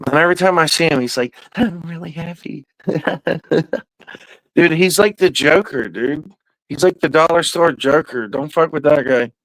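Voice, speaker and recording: A man's voice: a little high, fairly quick, fairly bright tone, no echo, low-quality recording. A man hosting a podcast, telling a loose, profane story in a casual, rambling way. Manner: profane, loose and meandering, with drawled asides. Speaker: podcast host.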